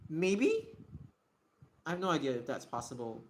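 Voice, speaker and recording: A man's voice: on the high side, huge pitch swings, normal speed, slight background noise. A man hosting a casual livestream Q&A, thinking aloud and often correcting himself and apologizing. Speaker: livestream host. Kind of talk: casual livestream Q&A while writing.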